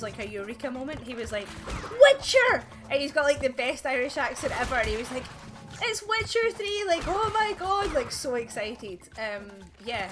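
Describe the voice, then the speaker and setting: A woman with a slightly high voice talks her way through a video game, rambling and chatty, full of fillers like "um" and "like". Clear game music plays behind her. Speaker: let's play gamer. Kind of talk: casual gameplay chatter.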